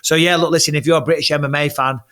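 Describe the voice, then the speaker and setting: A man who was once a fighting champion talks as a guest in a casual interview. His voice sits a little high for a man, and he speaks in a blunt, profane and lively way. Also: rapid-fire.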